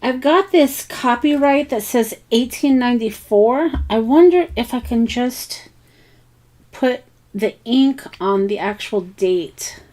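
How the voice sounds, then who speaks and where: A woman's voice: a little high, expressive, slow pace, a little mellow. A woman hosting a crafting tutorial, thinking aloud in a casual, hesitant way with many ums and bits of self-talk. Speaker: craft channel host.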